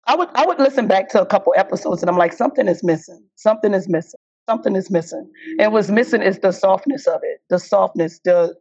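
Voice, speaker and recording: A woman comedian, chatting in a casual interview, laughing and acting out what people said. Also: mid-range voice. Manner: animated, laughing, acts out quotes. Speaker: comedian guest. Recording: dull lo-fi audio.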